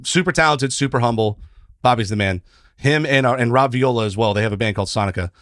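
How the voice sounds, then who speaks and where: A man's voice: mid-range voice, a bit bright, no echo, studio quality. A young man, a musician guest, telling stories in a rambling, emotional, casual way. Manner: fast, rambling, emotional storytelling with restarts. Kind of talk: casual chat.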